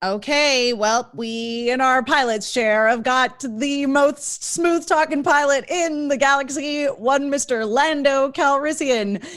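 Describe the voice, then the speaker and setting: A woman co-hosting a casual chat, enthusiastic and quick to laugh. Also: high voice, a bit bright, no room sound, studio quality. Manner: enthusiastic, giggly. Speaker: co-host.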